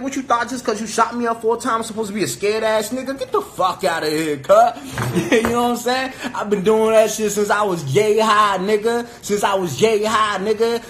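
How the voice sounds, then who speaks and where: High-voiced man ranting on a phone livestream. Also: fairly bright tone, slight background noise. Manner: taunting, profane, repetitive street talk. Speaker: livestreamer calling out rivals. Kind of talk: angry livestream rant.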